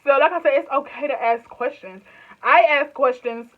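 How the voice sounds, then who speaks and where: A woman's voice: high-pitched, moderate pace, highs cut off. Chatty Southern woman in her twenties. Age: 20s. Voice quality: laughs often, talks in loose run-on phrases. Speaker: YouTuber. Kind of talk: casual direct-to-camera chat.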